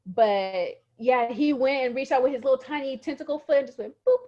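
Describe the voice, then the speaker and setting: Chatty woman gushing over a muffled call line, kinda high voice. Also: brisk. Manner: animated, emotional storyteller. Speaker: podcast co-host. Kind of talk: casual chat.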